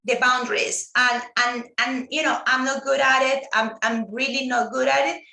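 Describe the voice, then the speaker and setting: A woman whose first language is Spanish, a guest teacher talking earnestly and warmly in a casual live-stream chat, often restarting her sentences. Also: high-pitched, level tone, moderate pace, gravelly, roomy sound, rough recording. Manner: earnest, heartfelt, many restarts.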